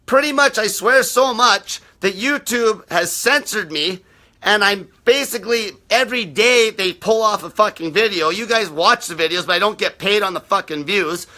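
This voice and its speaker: A man's voice: high voice, normal speed, sharp tone. A man hosting a live stream, answering viewer questions in a blunt, combative rant and swearing nearly every sentence.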